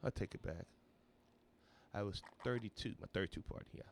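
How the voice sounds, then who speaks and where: A man's voice: a little fast, creaky. A man in his thirties, a comedian guest on a podcast, telling a wild party story in casual chat, swearing freely and acting out other people's lines in a raised voice. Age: 30s. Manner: animated, swearing, acts out quotes in a high voice.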